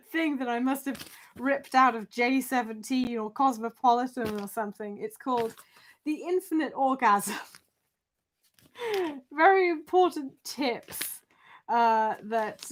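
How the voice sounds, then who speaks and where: Chatty young Englishwoman, higher voice. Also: fairly bright tone. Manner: chatty and rambling, swears and laughs often. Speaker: live streamer. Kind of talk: casual live-stream chat.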